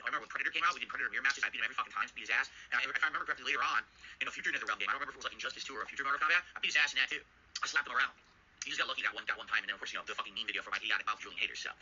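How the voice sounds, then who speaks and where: A man's voice: on the high side, sharp tone, dull audio, a little hiss or hum. An American man streaming live, ranting indignantly with lots of swearing and rhetorical questions while reading his chat. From United States. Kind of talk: livestream rant and chat reading.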